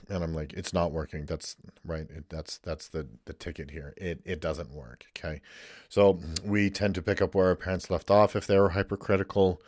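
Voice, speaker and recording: A man's voice: sits low, no echo, studio quality. A male counselor talking casually and candidly to camera, swearing freely and rambling through asides. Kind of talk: casual monologue.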